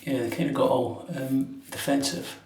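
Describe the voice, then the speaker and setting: A man's voice: medium pitch, flat delivery, normal speed, a little mellow, far from the mic. A man with a London accent chatting casually while he shaves, rambling through an anecdote with the odd laugh. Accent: London English. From England. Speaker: shaving vlogger. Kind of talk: casual talk while shaving. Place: bathroom at a sink with running water. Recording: echoey bathroom, voice off-mic. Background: running tap water and splashing.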